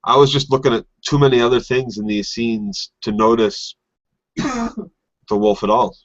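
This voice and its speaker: A man's voice: mid-range voice, lively intonation, measured pace, lo-fi sound. Chatty man trading jokes on a podcast. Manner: chatty, jokey interjections. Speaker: podcast co-host. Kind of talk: casual TV recap chat.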